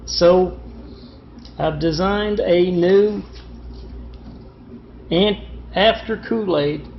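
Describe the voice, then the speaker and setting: A man's voice: a little high, muffled recording, slight background noise. A man telling a meandering, conspiratorial monologue as a vlogger, with many fillers and restarts. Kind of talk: rambling monologue.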